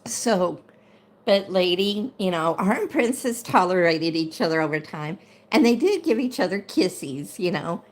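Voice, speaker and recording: A woman's voice: on the low side, expressive, moderate pace. A middle-aged woman, hosting a casual livestream chat, talking in a chatty, indignant way and repeating herself when worked up. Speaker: livestream host and chat moderator.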